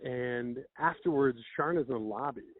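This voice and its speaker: A man, an improv comedian and teacher, telling stories in casual chat and acting out quick quotes. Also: mid-range voice, no room sound. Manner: animated storyteller with quick acted-out quotes. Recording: dry, phone-like narrow sound.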